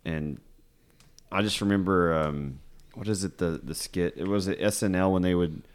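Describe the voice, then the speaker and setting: Deep-voiced male podcast host. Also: steady tone, normal speed, clear, resonant tone. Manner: laid-back, repeats and trails off. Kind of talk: casual chat.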